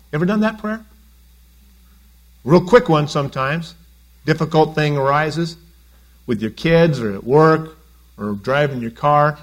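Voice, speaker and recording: A man preaching a conversational sermon as a pastor, often asking his congregation questions. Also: fairly high pitch.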